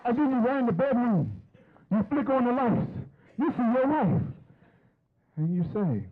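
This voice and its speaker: A man's voice: extremely high pitch, big pitch swings, a little slow, phone-quality sound. A man in his fifties doing a stand-up comedy set on stage, chatty and teasing the crowd with questions. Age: 50s.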